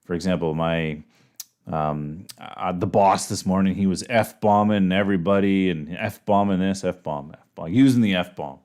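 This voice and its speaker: A man teaching an English class in a relaxed, chatty way, giving slang examples with a playful tone. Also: deep voice, a little slow. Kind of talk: casual online English lesson.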